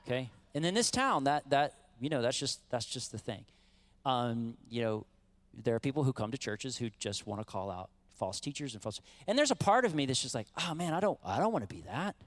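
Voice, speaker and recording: A middle-aged man preaching a sermon as pastor, animated and conversational, acting out quotes and calling on the congregation. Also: medium pitch, fairly quick.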